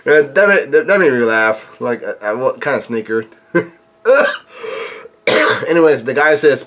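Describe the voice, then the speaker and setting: Guy reading a comic out loud on his channel, trips over words a lot, mid pitch voice. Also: expressive. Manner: halting, frequent restarts and fillers. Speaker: reaction video host. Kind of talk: reading a comic aloud with commentary.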